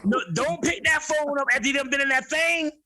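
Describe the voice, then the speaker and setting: A man's voice: very high-pitched, brisk. A man as a podcast guest in casual chat, talking bluntly with plenty of profanity and acting out little stories. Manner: blunt, profane, animated storytelling.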